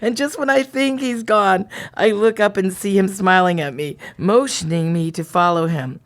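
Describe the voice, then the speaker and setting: A woman's voice: mid-range voice, normal speed. A middle-aged woman co-hosting a comedy show, reading a steamy diary aloud with dramatic flair between banter. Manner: reads dramatically, breaks into laughter, tries bad accents.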